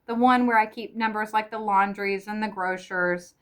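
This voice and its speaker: A woman reading the part of a confined, weary wife who keeps her voice low, quiet and without emotion. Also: steady tone, normal speed, clear, resonant tone, lightly acted. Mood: flat guarded.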